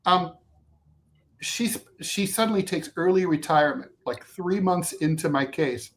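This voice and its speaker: A man spins a long story in relaxed conversation, his voice jumping up and down in pitch as he gets worked up. He swears freely and breaks off mid-sentence to add asides and corrections. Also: a little slow. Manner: animated, swearing, restarts and asides. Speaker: co-host. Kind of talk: casual storytelling chat.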